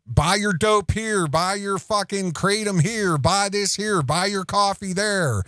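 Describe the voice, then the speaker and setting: A man's voice: high-pitched, measured pace, fairly bright tone, no room sound, studio quality. A man hosting a commentary show, ranting in a sarcastic, mocking way with lots of swearing.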